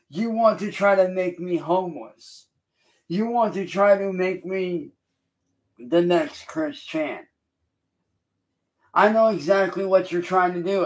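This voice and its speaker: Slow, deliberate man lecturing a critic. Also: sits high. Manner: confrontational, defiant. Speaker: livestreamer. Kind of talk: livestream rant addressed to a critic.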